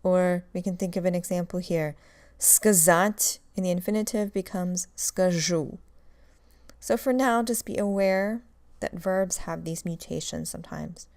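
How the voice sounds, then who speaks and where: A woman's voice: on the low side, a little mellow, dry recording. Woman teaching a grammar lesson, dry sound. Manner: clear, methodical explanation with drilled examples. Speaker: Russian language teacher. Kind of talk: recorded grammar lecture.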